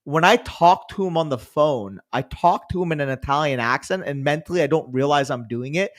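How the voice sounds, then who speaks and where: A man's voice: on the high side, fairly quick. A man co-hosting a podcast in casual chat, joking, swearing and laughing often. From Canada. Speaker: podcast co-host.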